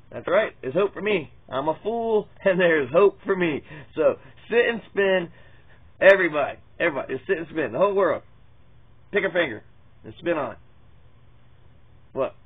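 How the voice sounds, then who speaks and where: A man's voice: fairly high pitch, slightly rough. A man reading Bible verses in a profane, rambling parody sermon, often losing his place. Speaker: mock preacher. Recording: tinny lo-fi phone-like sound.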